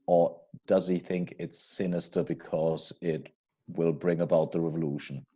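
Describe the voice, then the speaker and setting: A man's voice: low voice, fairly even intonation, warm tone, slightly rough, muffled recording. A man playing in a tabletop role-play game, chatting casually and hesitantly. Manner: hesitant and unhurried. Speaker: player.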